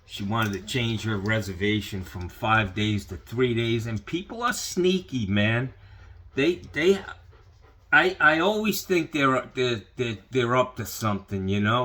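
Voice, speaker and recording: A man's voice: medium pitch, measured pace, fairly bright tone. A man ranting casually into the camera, profane and rambling, with lots of fillers. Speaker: vlogger.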